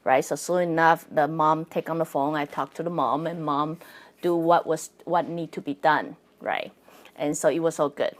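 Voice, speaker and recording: A woman with a low, steady voice and a moderate pace hosts a laid-back solo podcast as a psychic and spirit coach, speaking English as a second language. Her style is chatty, with frequent laughter and a habit of asking "right?"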